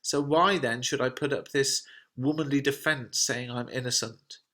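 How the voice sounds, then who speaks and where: Grieving noble mother, sharp-tongued, read in a plain, unhurried voice by a male reader. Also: medium pitch, fairly even intonation, close to an everyday voice. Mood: distressed. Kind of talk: reading a play translation aloud.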